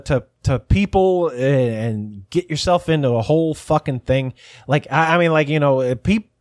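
A man's voice: fairly high pitch, a little mellow, no room sound, clean studio sound. A man hosting a podcast, chatting casually, rambling and cursing as he mocks himself. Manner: rambling, profane, self-mocking. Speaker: podcast host. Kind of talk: casual chat.

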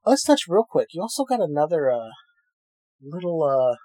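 A man's voice: a little high, big pitch swings, moderate pace, mellow, no echo. A man co-hosting a casual chat, laid-back, laughing often and swearing casually. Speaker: podcast co-host.

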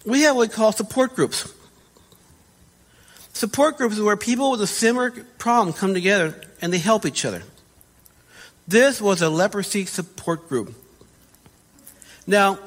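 Recorded during a church service with long reverb, a man preaches a conversational sermon, asking viewers questions and correcting himself along the way. The church has spaced-out pews, and his high voice has a fairly bright tone.

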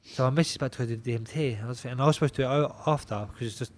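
A young man, a boxer on a podcast, telling a story in casual chat. He swears in nearly every sentence, repeats himself and keeps the telling lively. His voice sits at an ordinary middle pitch for a man. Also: very fast. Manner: swears constantly, animated, repeats himself, laughs a lot. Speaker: podcast guest, pro boxer.

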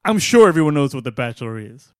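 A man's voice: mid-range voice, fast talker, clean tone, no echo, clean studio sound. A man co-hosting a podcast, ranting in casual chat and swearing freely. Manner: animated, swearing, acts out quotes in mocking voices. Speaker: podcast co-host.

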